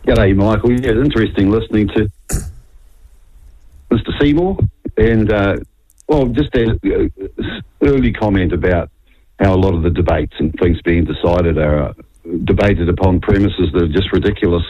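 Deep husky caller on a tinny phone line. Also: male voice, normal speed, mellow, no room sound. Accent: New Zealand. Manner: rambling, hesitant with many fillers. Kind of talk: phoned-in talkback opinion.

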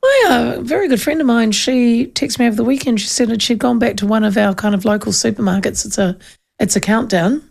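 A radio host with a New Zealand accent chats casually and reads out listener texts. She is a middle-aged woman with a slightly high, gravelly voice. She tells stories in a lively, animated way, with plenty of asides. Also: a little fast. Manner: chatty, animated storyteller with asides. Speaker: radio talk show host.

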